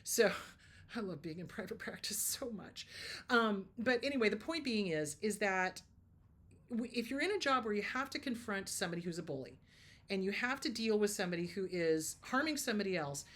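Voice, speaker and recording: A woman's voice: medium pitch, a little fast. A middle-aged woman therapist hosting an advice show, talking casually and emphatically, telling stories and acting out quotes. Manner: emphatic, lively storytelling with laughs and mock quotes.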